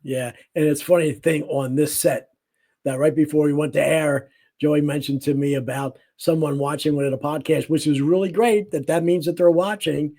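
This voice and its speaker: A man co-hosting a casual chat, calmly explaining the show's logistics. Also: on the high side, moderate pace.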